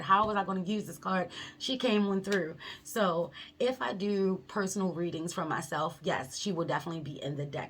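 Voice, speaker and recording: A woman's voice: low-pitched, fairly bright tone, slight background noise. A woman hosting a tarot channel, talking casually and emotionally about a spiritual experience, with easygoing slang.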